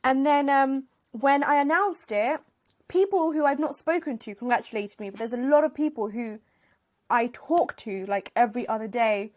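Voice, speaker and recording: A woman author talking as a podcast guest, telling stories in a lively, animated way and acting out what her friends said. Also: high-pitched, normal speed. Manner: animated storyteller who acts out what friends said. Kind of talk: casual conversational interview.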